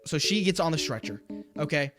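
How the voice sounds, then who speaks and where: A man's voice: on the high side, expressive, a little fast, music in the background. A young man animatedly retelling a story in a slangy storytime vlog, often saying "bro". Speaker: vlogger.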